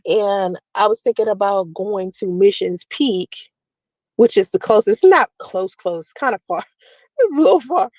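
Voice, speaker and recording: A woman's voice: mid-range voice, animated, unhurried, darkish tone, no room sound, poor audio. A woman talking at length about her family and personal life, rambling and confessional, full of "like" fillers. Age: adult with a daughter. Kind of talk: personal talk to camera.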